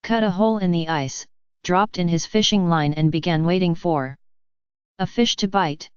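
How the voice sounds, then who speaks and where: A woman's voice: fairly low pitch, normal speed, clean tone, no echo. Woman reading jokes in a dull, dry recording. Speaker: joke reader. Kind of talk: scripted joke narration.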